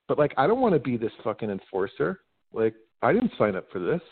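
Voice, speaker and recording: A man's voice: mid-range voice, huge pitch swings, fairly quick, slightly rough, no room sound. A man in casual conversation who talks animatedly, swears freely and says "like" a lot, often mimicking other people in a raised voice. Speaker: podcast host. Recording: dry, phone-like narrow sound.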